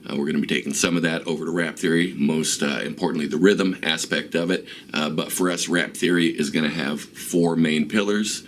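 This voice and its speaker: A man explains rap rhythm in a relaxed, casual lesson, often pausing with ums and uhs. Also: very deep voice, creaky, a little hiss or hum. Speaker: rap teacher and host. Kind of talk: casual instructional talk.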